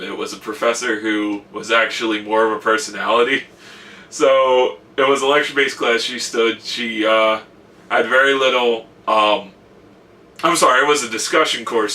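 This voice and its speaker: A man's voice: lowish voice, pushed and bright, distant mic. A young man chatting casually about his college semester, telling stories with lots of quoted asides. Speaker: college student vlogger. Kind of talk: casual vlog chat.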